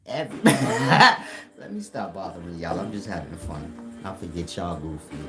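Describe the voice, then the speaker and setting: A man's voice: lowish voice, very animated, normal speed, fairly bright tone, rough recording. A man in casual online talk, slangy and mocking, who laughs often at his own jokes. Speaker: online commentator.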